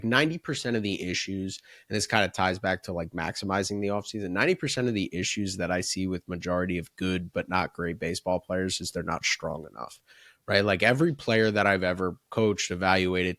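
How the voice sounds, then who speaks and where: A man's voice: sits low, fairly bright tone, dry recording, studio quality. A man who coaches baseball, co-hosting a casual podcast and talking in long run-on thoughts that he often caps with "right?" and "like".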